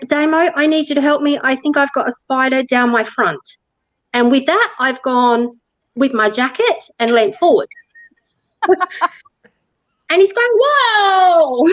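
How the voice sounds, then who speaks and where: A woman telling a ghost-tour story in casual chat, animated, laughing often and acting out what people said. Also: sits high, dry recording, dull audio. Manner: animated, laughs often, acts out quoted dialogue. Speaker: interview guest recounting a ghost tour.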